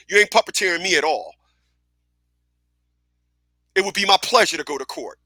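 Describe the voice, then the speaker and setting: Here a man hosts a talk radio show in a casual monologue, blunt and emphatic, full of profanity and repetition. He speaks in a high-pitched, sharp voice at a brisk clip, pausing often, and the recording is dry.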